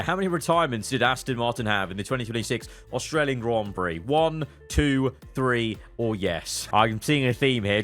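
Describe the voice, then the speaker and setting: A man hosting his channel, chatting through meme reactions, quipping quickly and laughing often. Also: medium pitch, a bit bright. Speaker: channel host.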